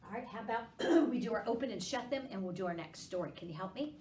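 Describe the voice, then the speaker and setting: A woman, a children's librarian reading storybooks aloud with gentle, encouraging warmth. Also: mid-range voice, lively intonation, background noise. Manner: gentle, encouraging, slow and sing-song with kids. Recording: roomy, distant library recording.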